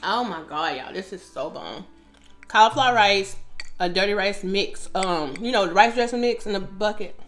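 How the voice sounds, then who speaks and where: A woman's voice: mid-range voice, expressive, normal speed, a bit bright, reverberant, soft background music. Chatty middle-aged woman eating on camera. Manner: chatty, talks to viewers while eating, lots of mm sounds. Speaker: mukbang host. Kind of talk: casual eating chat.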